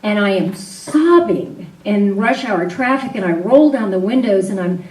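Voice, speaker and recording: Expressive and a little mellow, this woman speaks at medium pitch and a measured pace. As storyteller and event host at an arts venue, she shares a personal story live from the stage, open and conversational with lots of fillers, captured from a distance in a roomy hall.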